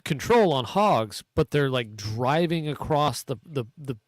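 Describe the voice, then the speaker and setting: A man hosts a casual podcast and asks questions. He rambles a little and restarts his sentences. His voice is mid-pitched and dry. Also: expressive, measured pace, no echo. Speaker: host.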